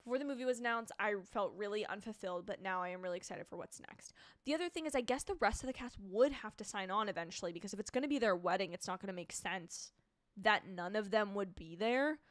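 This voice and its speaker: A young woman hosting a live reaction stream, chatting about a TV show and reading out viewer comments in an excitable, chaotic, gushing way. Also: mid-range voice, fast, dry recording, studio quality.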